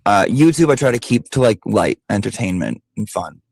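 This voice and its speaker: A man's voice: fairly low pitch, sing-song, normal speed, gravelly, darkish tone, slightly rough. A man vlogging, telling a story in a casual, emphatic way with frequent swearing and asides. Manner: emphatic and profane, with lots of asides.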